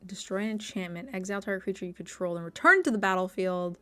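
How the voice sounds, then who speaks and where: A woman's voice: medium pitch, fast, bright, forceful tone. A woman streamer giving gameplay commentary, thinking aloud and playfully exasperated as she plays.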